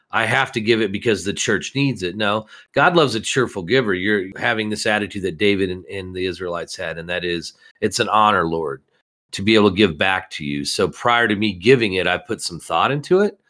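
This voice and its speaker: A man's voice: fairly low pitch, fairly bright tone. A man hosting a Bible discussion, reading verses aloud and explaining them earnestly.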